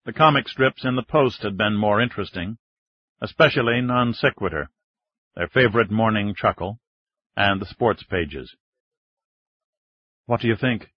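Low-voiced man narrating an audiobook. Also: moderate pace, no echo. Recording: dull, dry studio reading.

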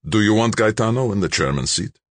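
A man's voice: on the low side, lively intonation, fairly quick, a bit bright, no echo, pitched above the performer's own voice. A man voicing an ambitious, proud male politician who speaks in a formal, controlled way. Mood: guarded, stern.

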